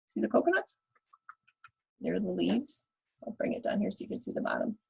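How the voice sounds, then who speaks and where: A woman teacher reading a picture book aloud to young children, animated and asking them questions. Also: medium pitch, fast talker, vocal fry, slightly rough, poor audio. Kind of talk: children's read-aloud lesson.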